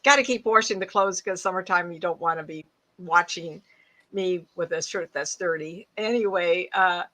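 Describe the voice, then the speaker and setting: A woman psychic with a bright, forward voice talks to an online audience in a loose, anecdotal way. She laughs easily and speaks through earbuds from her home. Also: medium pitch. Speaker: psychic medium guest speaker. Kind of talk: casual talk to an online audience. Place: home, mid-move.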